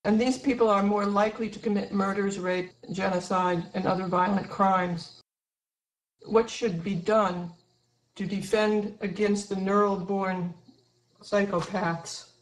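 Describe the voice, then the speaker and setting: Woman briskly reading questions in an echoey room. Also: mid-range voice, fairly even intonation. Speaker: co-host reading audience questions.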